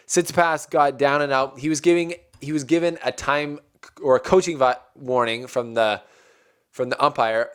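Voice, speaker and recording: A man's voice: medium pitch, fairly bright tone, clean tone. A man hosting a tennis show, recapping matches in a chatty, loose way. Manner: chatty, loose, with filler and restarts. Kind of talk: casual recap commentary.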